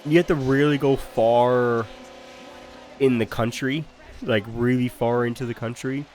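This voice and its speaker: A man's voice: mid-range voice, fairly even intonation, measured pace, darkish tone. A man from Ontario with a Canadian accent, chatting casually over gameplay as a gaming creator, rambling with lots of "like" and "um" and many restarts. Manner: rambling, heavy use of "like" and "um", frequent restarts.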